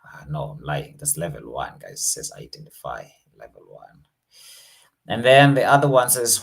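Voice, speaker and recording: A man's voice: rumbling low, huge pitch swings, moderate pace, creaky. A South African man teaching an online exam revision lesson, casual and slangy, switching between languages.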